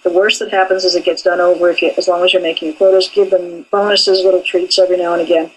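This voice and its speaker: A woman's voice: on the low side, level tone, fast talker, poor audio. An older woman, an animation professor, speaking candidly in an interview about her training. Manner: candid and forthright.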